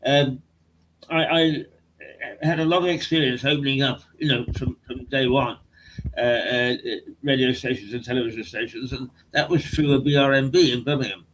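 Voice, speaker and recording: An older man hosting a casual online talk, telling stories in a halting, hesitant way. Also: mid-range voice, fairly even intonation, a bit bright, a little hiss or hum, rough recording. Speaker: host and journalist. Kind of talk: casual chat on a video stream.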